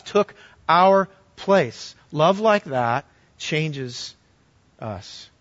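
A man preaching a sermon as pastor, telling a story earnestly and swinging from loud to hushed. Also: medium pitch, no room sound, highs cut off.

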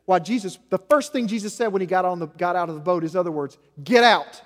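High-voiced pastor preaching in a reverberant hall. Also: male voice, fast. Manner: dramatic swings between loud emphasis and hushed low delivery. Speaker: senior pastor. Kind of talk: sermon.

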